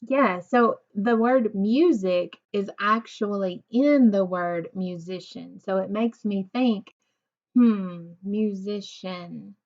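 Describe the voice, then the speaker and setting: A patient woman teacher walks young children through sounds and syllables. She speaks slowly, stretching out words, with encouraging praise in a mid-range voice. The recording is muffled and lo-fi. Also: mid-range voice, a little mellow. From United States. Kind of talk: recorded phonics lesson for second graders. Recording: dull lo-fi recording.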